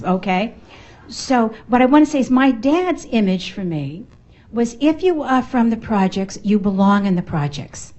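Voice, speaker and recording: Animated middle-aged Boston woman speaker. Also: fairly high pitch, highs cut off. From United States. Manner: animated, emphatic, playful. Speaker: motivational speaker. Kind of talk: motivational talk to a live audience. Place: function room at a networking event.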